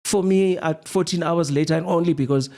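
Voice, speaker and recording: A man co-hosting a podcast, speaking in a fairly high voice. He is earnest and chatty, and he tends to run on in long, winding stretches. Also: fairly quick, gravelly, darkish tone. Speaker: podcast co-host. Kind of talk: casual chat.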